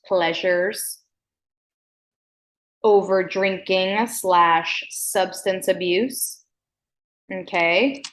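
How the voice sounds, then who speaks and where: A woman hosting a self-help podcast, talking deliberately slowly and emphatically, frank and playful, often checking in with "okay?" and swearing casually. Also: mid-range voice. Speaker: podcast host.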